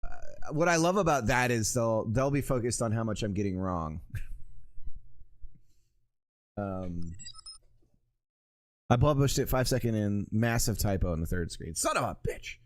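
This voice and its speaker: A man's voice: fairly low pitch, expressive, measured pace, pauses often. A man streaming live, chatting casually and joking with his viewers. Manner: playful, calls out to a pet in a sing-song voice.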